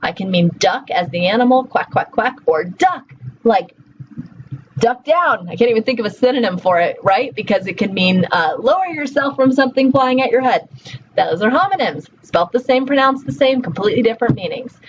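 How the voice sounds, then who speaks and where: A woman's voice: fairly high pitch, expressive, brisk. A woman lecturer giving a recorded class, explaining step by step and asking her students questions. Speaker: college lecturer. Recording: dull lo-fi audio with faint hiss.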